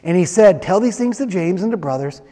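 A pastor with a high, animated, warm voice speaks fairly quickly in a sermon, retelling a story with acted-out voices before addressing the congregation directly. The long reverb of a large hall surrounds his words.

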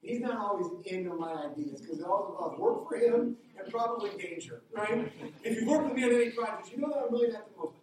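A middle-aged man, a pastor, preaching a sermon with a lively personal story, his voice climbing when he gets excited. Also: fast talker, far from the mic. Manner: animated storytelling, jumps higher when excited. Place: church hall. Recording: echoey hall, heard from afar.

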